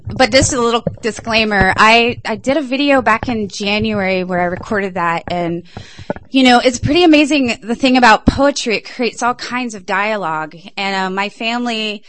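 A woman's voice: medium pitch, moderate pace. A middle-aged woman from England performing spoken word poetry, rhythmic and intense, chatting casually between poems. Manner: rhythmic, intense delivery rising to loud emphatic peaks. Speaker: performance poet.

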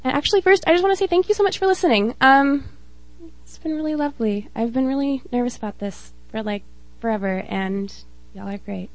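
A woman reading her spoken-word poetry slowly and deliberately, trailing off softly at line ends. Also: high voice, no room sound, poor audio. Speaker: featured poet.

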